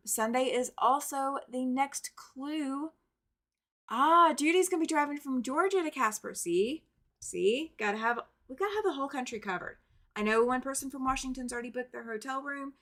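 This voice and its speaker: A woman's voice: fairly high pitch, a bit bright. A woman hosting a quilting live stream, chatting casually and greeting viewers by name. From American South. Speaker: quilting livestream host.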